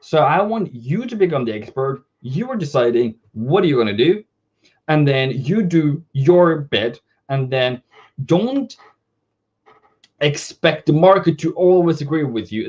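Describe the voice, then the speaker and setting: Animated man giving live trading analysis. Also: medium pitch, measured pace. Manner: casual, direct, talks to viewers as "bro" and "my brother". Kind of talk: live market analysis stream. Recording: dull lo-fi stream audio.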